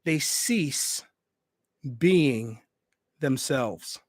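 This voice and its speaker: A man's voice: medium pitch, lively intonation, extremely slow, no room sound, clean studio sound. A man hosting a livestream for his hospitality channel, talking straight to his viewers in an emphatic way and repeating phrases for weight. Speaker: host of a hospitality YouTube channel. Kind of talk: casual livestream talk to viewers. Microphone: USB desk microphone.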